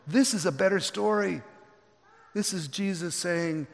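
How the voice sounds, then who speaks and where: An older man preaching a sermon as pastor, telling the story with animated, folksy asides and acting out the characters. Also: high-pitched, measured pace, gravelly. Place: church sanctuary. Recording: long reverb of a large hall.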